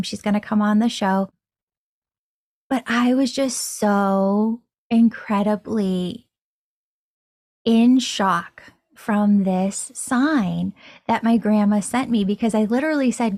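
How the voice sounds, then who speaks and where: A woman in her thirties, a podcast host, telling a personal story in an animated, excitable way. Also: fairly high pitch, measured pace, no room sound, studio quality. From Florida. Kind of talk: casual storytelling monologue.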